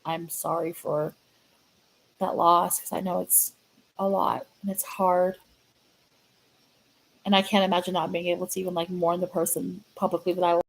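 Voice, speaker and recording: Halting, grieving woman vlogger. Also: fairly low pitch, creaky, rough recording. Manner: halting, repeats herself, many fillers. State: sad, grieving. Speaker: fan channel host. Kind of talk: casual livestream chat to viewers.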